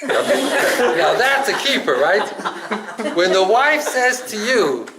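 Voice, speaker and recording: Man, rabbi telling a story, lively and expressive, slightly raised pitch, faint hiss behind. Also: takes it slowly. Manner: animated, laughing storyteller. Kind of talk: storytelling sermon.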